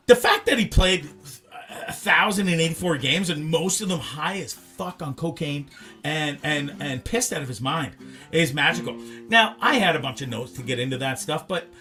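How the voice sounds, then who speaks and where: A man hosting a live talk show, rambling and animated, swearing freely. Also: fairly high pitch. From Canada. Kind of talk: casual live show chat.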